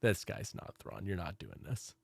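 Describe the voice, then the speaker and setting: A man's voice: deep voice, very animated, normal speed, gravelly, a little mellow, dry recording. A man co-hosting a podcast in casual chat, laughing often and swearing casually. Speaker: podcast co-host.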